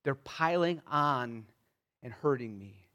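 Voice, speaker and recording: A man preaching an expository sermon in an earnest, pleading way, moving between soft stretches and emphatic ones. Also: medium pitch, animated, slow pace. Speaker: pastor.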